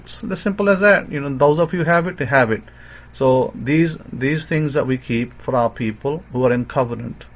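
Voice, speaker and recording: A man's voice: medium pitch, highs cut off. A man telling a story in a sermon, with a rambling way of talking, many fillers and restarts, as a religious teacher.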